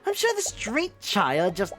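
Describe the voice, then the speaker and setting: A woman voicing a haughty young noblewoman student in a game, using a high falsetto and a put-on British accent, with lofty, dismissive talk. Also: wildly swooping pitch, measured pace, a bit bright, soft background music. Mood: indignant. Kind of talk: voicing a visual novel character.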